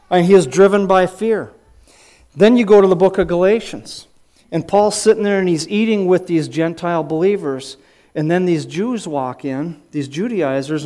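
A man's voice: on the high side, darkish tone. A middle-aged man giving a conversational sermon, asking rhetorical questions and often restarting his sentences. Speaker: preacher and high school wrestling coach.

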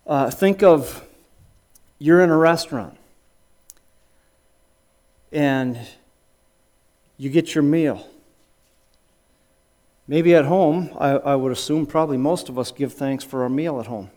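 A man's voice: a little high, measured pace, pauses often, darkish tone. Man preaching with rhetorical questions. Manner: conversational, asks rhetorical questions, frequent restarts. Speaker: preacher and high school wrestling coach. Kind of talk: sermon.

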